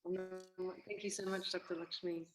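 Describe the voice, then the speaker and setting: A woman's voice: lowish voice, flat delivery, normal speed, soft background music, low-quality recording. Hesitant woman hosting an online session. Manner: hesitant, thankful, many fillers. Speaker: session host. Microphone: video call.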